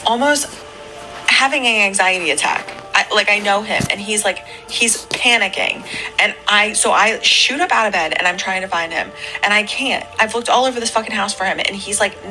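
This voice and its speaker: A mother tells a spooky story in a rambling, casual way, with lots of fillers. Her voice is bright and forceful, and faint music sits behind it. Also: medium pitch, low-quality recording. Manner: rambling, filler-heavy talk. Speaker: parent telling a story.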